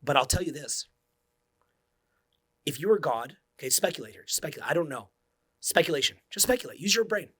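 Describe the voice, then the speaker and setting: A man's voice: on the high side, expressive, brisk, pauses often, bright, forceful tone, husky. A man in his forties, a social skills coach, giving an intense, profane motivational speech that drops to near-whispers. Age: 40s.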